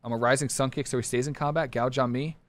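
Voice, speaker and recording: Man barking quick gameplay callouts. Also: medium pitch. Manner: terse rapid callouts to teammates, bursts into excited shouting. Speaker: game streamer. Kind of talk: live gameplay commentary.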